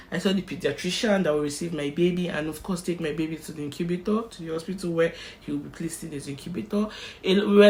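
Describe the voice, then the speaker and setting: A young Nigerian woman with a Nigerian accent, telling a personal story in an animated storytime vlog and slipping into Pidgin. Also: deep voice. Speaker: vlogger.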